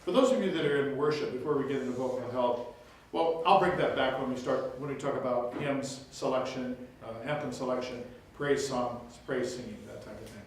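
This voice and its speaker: An older man giving a music workshop lecture, lively and demonstrative, telling stories and breaking into short sung snippets. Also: medium pitch, brisk. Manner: lively, demonstrative, tells anecdotes, sings snippets. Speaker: music teacher. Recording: very echoey, distant, faint hiss.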